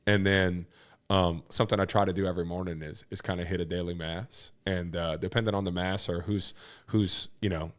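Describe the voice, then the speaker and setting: High-energy New man, low voice. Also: steady tone, brisk. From New Orleans. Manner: high-energy, high-strung, slangy. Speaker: TV personality, interview guest. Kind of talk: casual interview chat.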